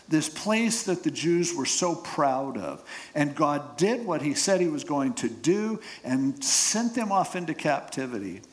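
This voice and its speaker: A man preaching, retelling scripture with casual humor and jokes. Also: fairly high pitch. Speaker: pastor. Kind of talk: sermon.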